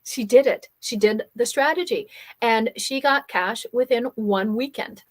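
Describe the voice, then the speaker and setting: A woman from Germany who speaks English with no accent, hosting a live coaching workshop and pitching her program persuasively, checking in with "okay?" and "right?" all the time. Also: unhurried. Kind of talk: live webinar sales pitch.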